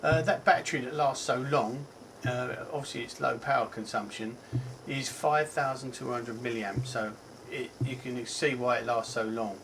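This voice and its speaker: With a gravelly, medium-pitched voice and a moderate pace, an English tech reviewer with a Cockney accent gives a loose, chatty product review. He rambles, says um often, and corrects himself, all over a noisy background.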